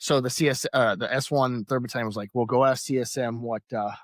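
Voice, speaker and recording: A man who is an Army veteran and a podcast guest, telling lively anecdotes with frequent laughter and acted-out quotes in casual conversation. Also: mid-range voice, fast talker, no room sound, clean studio sound. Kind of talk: casual storytelling.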